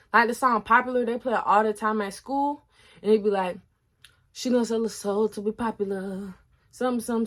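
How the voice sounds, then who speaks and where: A woman in her twenties talking casually and animatedly to the camera, speaking straight to her viewers and dropping her voice low for asides. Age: 20s. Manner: chatty, animated, addresses viewers directly as y'all. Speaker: vlogger.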